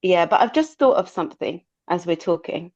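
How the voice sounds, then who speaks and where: A woman's voice: fairly low pitch, lively intonation, moderate pace, darkish tone. Chatty British woman, muffled sound. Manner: chatty, thinks aloud with fillers. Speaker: podcast co-host. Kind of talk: casual chat. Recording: muffled lo-fi audio.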